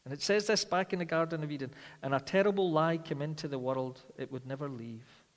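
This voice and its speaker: A man preaching a sermon, earnest, moving between emphatic stress and hushed, slow passages. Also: on the high side. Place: church. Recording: long reverb of a large hall.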